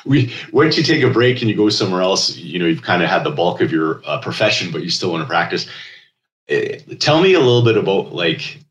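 A man's voice: deep voice, sing-song, fairly quick, a bit bright. A man hosting an interview podcast, asking eager, rambling questions full of fillers. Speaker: podcast host. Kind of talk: casual interview talk.

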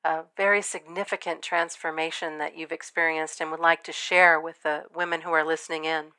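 A woman hosting a podcast, reading a measured, reverent introduction of her guest. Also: low-pitched, little pitch movement, sharp tone. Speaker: podcast host.

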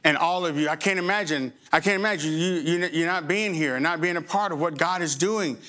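A middle-aged man preaching a sermon as pastor to his congregation in a church, with impassioned emphasis that rises high and then drops low and slow. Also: bright, forceful tone. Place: church sanctuary before a congregation.

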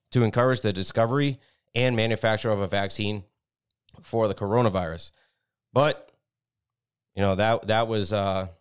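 A man's voice: lowish voice, clear, resonant tone. A man co-hosting a podcast, reading news articles aloud with blunt, profane asides and stumbling over a few words as he reads. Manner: blunt, profane asides between read passages. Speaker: podcast co-host.

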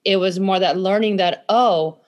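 A woman's voice: mid-range voice, normal speed. A woman hosting a podcast, reflecting on her guest's story and building on her own phrases. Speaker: podcast host. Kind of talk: interview conversation.

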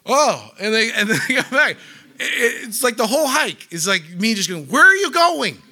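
A man's voice: high voice, very animated, normal speed, pushed and bright. A man preaching a sermon in a conversational, playful way, often acting out little voices. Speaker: pastor.

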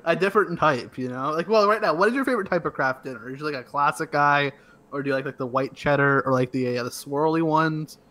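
A man co-hosting a podcast, jokey and quick to chime in. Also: on the high side, bright, forceful tone. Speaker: podcast co-host. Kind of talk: casual podcast chat.

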